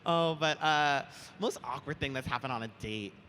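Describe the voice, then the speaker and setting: A young man chatting as an interview guest on a convention stage, animated and quick to laugh, telling his stories with lively put-on voices. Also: medium pitch, a little hiss or hum. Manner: animated, giggly, lively storytelling. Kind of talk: casual chat on stage. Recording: roomy hall with faint ambience.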